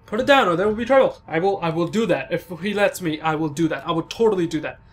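A man giving excitable gameplay commentary, crying out in panic and cursing at the game. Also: on the high side, fast. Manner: jumpy, cries out in panic, curses at the game. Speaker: let's play commentator.

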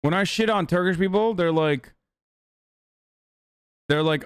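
A man in his thirties reacting live on stream, his voice smooth and fairly high for a man. He mocks and swears casually in a loose, joking way. The sound is dry and close, with no room around it. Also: moderate pace, long pauses, dry recording. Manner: mocking, profane, loose and joking.

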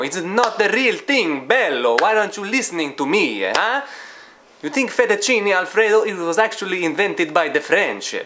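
Man doing animated, indignant Italian restaurant man with a heavy Italian accent; bright tone. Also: a little high. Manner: animated, exasperated.

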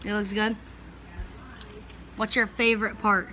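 A woman's voice: mid-range voice, little pitch movement, a little slow, bright, forceful tone, a little hiss or hum, rough recording. A young woman, rambling casually to camera in a home vlog, full of fillers and restarts. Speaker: vlogger. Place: at home, indoors.

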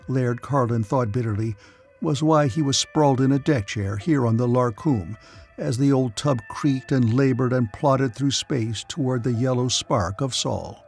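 A man giving steady, scripted audiobook narration of a science fiction story. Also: medium pitch, a little slow, gravelly, soft background music.

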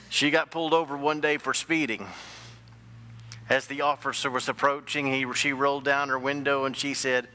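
A man's voice: mid-range voice, flat delivery, moderate pace, bright, forceful tone, slight background noise. A man preaching as a pastor, telling jokes and quizzing the congregation during his sermon. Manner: joking storyteller who quizzes the congregation.

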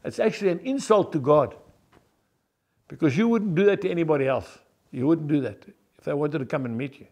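A man's voice: on the high side, lively intonation, a little fast, a little mellow. A man preaching a folksy, emphatic devotional sermon, talking straight to his viewers as "folks". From South Africa. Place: on his farm.

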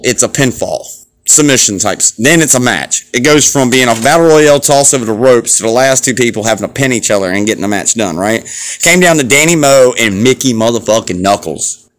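A man hosting a wrestling podcast alone, reviewing a show in a profane, rambling, excitable way. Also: medium pitch. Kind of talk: casual solo show review.

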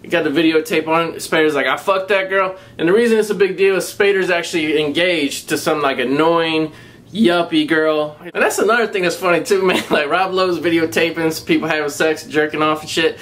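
Man, Southern US accent, casual movie review, rambling, heavy swearing, fairly high voice. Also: fairly quick, a bit bright. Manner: profane, rambling, laid-back storytelling. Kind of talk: casual spoken film review.

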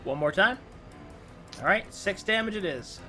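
A man acting as dungeon master in a tabletop game, giving casual, quick rulings and laughing with his players. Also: sits high, lively intonation, pushed and bright, faint music behind. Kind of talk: running a tabletop game online.

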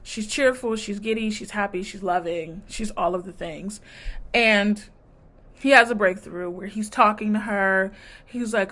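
A woman vlogger casually recapping a dating show, sassy and animated, acting out quotes in her retelling. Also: medium pitch, a little slow. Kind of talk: casual chat.

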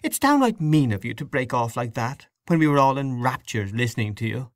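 A man voicing an excitable young woman hostess in an audiobook, breathless and gushing. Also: mid-range voice, fairly quick, no echo, studio quality. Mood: eager.

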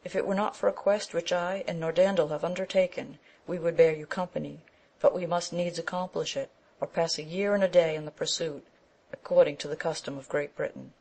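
A woman reading the lines of a proud young male knight, in an earnest, reproachful tone, in a gravelly voice. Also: on the low side, fairly even intonation, fairly quick, darkish tone.

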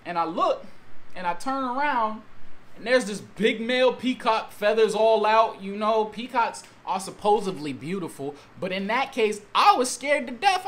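A man telling a story-time tale in a vlog, excitable and slangy, with exaggerated storytelling and sudden outbursts. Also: high-pitched, moderate pace, a little hiss or hum. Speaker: YouTube storyteller.

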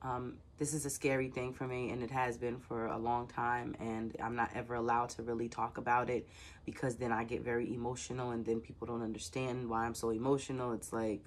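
A woman with an extremely low pitch and flat delivery hosts her own tarot channel, speaking a little fast in a frank, personal, direct-to-camera vlog with frequent filler sounds. She's an adult with children, and there's a little hiss or hum.

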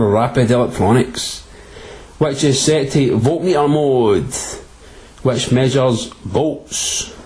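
This physics tutor from Glasgow, Scotland speaks in a mellow, fairly high voice with a Glaswegian accent. He delivers a comic lesson that's crude and heavy on slang and jokes.

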